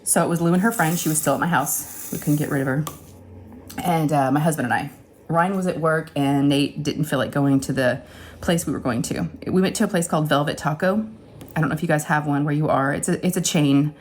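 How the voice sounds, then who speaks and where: This is a middle-aged woman with a somewhat low-pitched voice, telling a personal story in a casual, rambling way. She talks straight to her viewers, stays animated, and puts on what the others said as she goes. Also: fairly quick, slight background noise. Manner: chatty, animated retelling with acted-out quotes and laughs. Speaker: crafting channel host.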